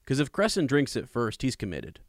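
A man's voice: mid-range voice, huge pitch swings, fairly quick, dry recording, clean studio sound. A man in casual conversation about a book, talking in a rambling way with many restarts and emphatic asides. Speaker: podcast co-host discussing a book. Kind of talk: casual chat with read-aloud passages.

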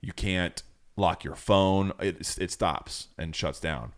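Brief: male podcast co-host, low voice, loose jokey banter. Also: takes it slowly. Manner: joking, rambling. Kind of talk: casual chat.

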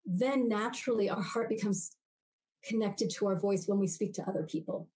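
A woman's voice: mid-range voice, normal speed, warm tone, low-quality recording. A woman guest on a podcast interview, explaining ideas animatedly and acting out everyday voices as she goes.

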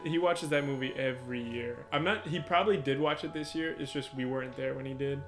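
A man's voice: medium pitch, a little fast. A young man chatting casually as a podcast co-host, telling easygoing stories about his job. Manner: easygoing storyteller, laughs along. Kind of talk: casual chat. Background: guitar music.

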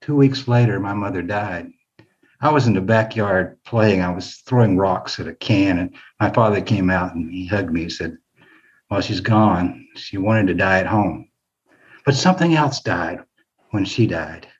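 A man's voice: low-pitched, muffled recording. An older man telling a true story from his own life, often stumbling and repeating words as he goes. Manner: halting, repeats words when moved. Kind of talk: personal storytelling.

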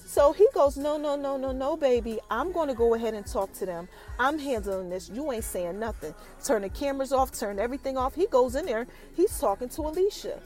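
A woman hosting a podcast, recapping an episode in an animated casual chat that talks straight to her listeners. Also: high voice, brisk, few pauses. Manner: animated, addresses listeners directly as y'all. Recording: light background music.

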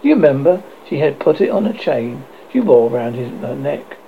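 A narrator reading a storybook aloud, halting now and then with restarts, in a dull lo-fi recording. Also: medium pitch, very animated, slight background noise.

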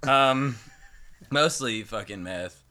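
A man's voice: medium pitch, slow pace, a crowd in the background. A young man co-hosting a podcast, swearing constantly and rambling through crude banter. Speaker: podcast co-host.

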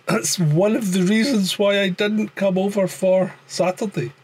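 A man's voice: high voice, fairly even intonation, unhurried, slightly rough. A Scottish man in casual podcast chat, blunt and sweary, with a joking edge. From Scotland. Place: living in France.

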